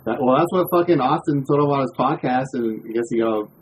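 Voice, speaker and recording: A man's voice: medium pitch, quick pace, a little hiss or hum, poor audio. A man co-hosting a podcast in casual chat, laid-back and profane, mostly giving short replies. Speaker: podcast co-host.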